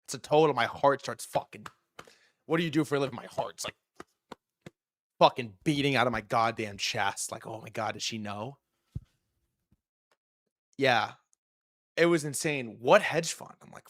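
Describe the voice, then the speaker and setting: Young male stream host, casual profane storyteller, lively pitch, dry close mic. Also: moderate pace, no echo. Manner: animated, profane, switching voices for quoted people. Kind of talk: casual storytelling with acted quotes.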